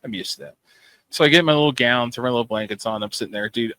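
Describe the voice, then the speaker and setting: Bright-voiced man telling a story. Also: medium pitch, fast, low-quality recording. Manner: profane, animated retelling with quoted dialogue. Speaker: podcast co-host. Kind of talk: casual chat, storytelling.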